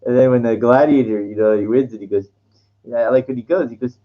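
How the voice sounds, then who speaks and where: A man's voice: medium pitch, fast talker, dull audio. A man talking casually to his vlog audience, rambling through fillers and restarts and laughing at his own jokes. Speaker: vlogger.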